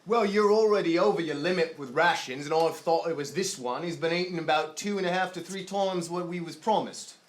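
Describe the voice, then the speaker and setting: A man voicing a greedy, grumbling male ship crewman who haggles in rough working-class speech. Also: a little high, a little fast, hardly any pauses, lightly acted. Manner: gruff, bargaining, rough working-class grammar.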